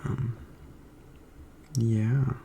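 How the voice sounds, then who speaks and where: A young man from the United States rambling in soft-spoken ASMR, meandering with many fillers. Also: mid-range voice, flat delivery, very slow, gravelly, slight background noise. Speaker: ASMR creator.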